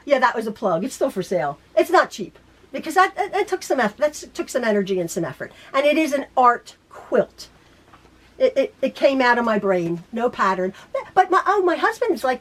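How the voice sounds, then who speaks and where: A woman's voice: sits high, sing-song, fairly quick. A middle-aged woman in back pain, chatting casually to her quilting viewers in a rambling way with many restarts. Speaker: quilting YouTuber. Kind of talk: casual chat to camera. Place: home sewing room.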